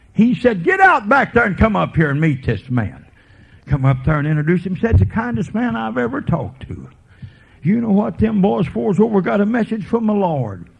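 A man preaching a revival sermon as a folksy evangelist, swinging from quiet murmurs to fervent preaching. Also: high voice, big pitch swings, moderate pace, vocal fry, husky. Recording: tinny lo-fi sermon tape.

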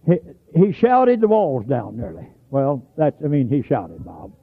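Folksy preacher on a tinny old radio recording. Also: male voice, mid-range voice, wildly swooping pitch, a little slow, husky. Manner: folksy storytelling, bursts into shouts. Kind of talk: sermon.

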